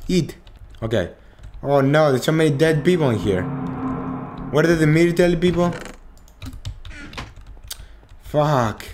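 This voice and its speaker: A man commentating a horror game, swearing freely and breaking into panicked shouts at the scares. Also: on the high side, animated, measured pace, pauses often, slight background noise. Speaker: gaming channel host.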